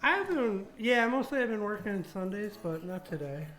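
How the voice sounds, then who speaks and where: Open mic musician, man, high voice, halting deadpan tale-teller, faint music behind. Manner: halting, repeats words, deadpan tall tales. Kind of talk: rambling stage banter.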